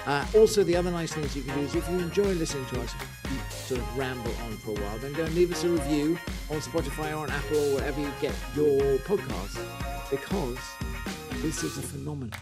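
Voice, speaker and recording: A jokey male podcast co-host who rambles on in a slightly higher-than-average voice. Faint music sits behind his casual chat. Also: fast talker. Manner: rambling, jokey, self-mocking.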